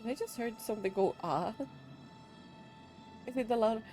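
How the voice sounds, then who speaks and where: A woman's voice: a little high, normal speed, a little mellow, faint music behind. A young woman streaming a video game, giggling as she comments casually to her chat.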